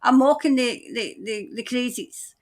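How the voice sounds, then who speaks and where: A woman giving a tarot-style psychic reading, musing aloud in a halting way as she trails off and starts her sentences over. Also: a little high. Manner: speaks of seeing and hearing things. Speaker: tarot reader. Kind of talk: intuitive psychic reading monologue.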